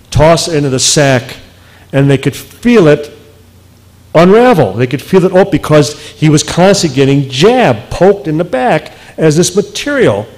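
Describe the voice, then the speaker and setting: Guy giving a talk, emphatic, pauses a lot, mid-pitched voice. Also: darkish tone, low-quality recording. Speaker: researcher and speaker. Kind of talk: public lecture.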